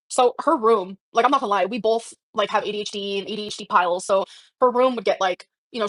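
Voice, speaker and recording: A woman's voice: a little high, no echo. A woman livestreaming, telling a personal story in a rambling, emotional way with many fillers. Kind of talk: casual livestream chat.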